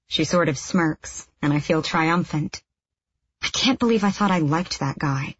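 Low, husky woman narrating a novel. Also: unhurried, dry recording, muffled recording. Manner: wry, conversational. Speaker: audiobook narrator. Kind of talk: first-person novel narration.

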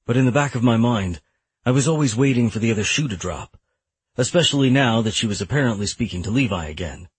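A man's voice: mid-range voice, animated, quick pace, breathy edge, dry recording. A man reading a first-person audiobook as narrator, wry and irritated in tone.

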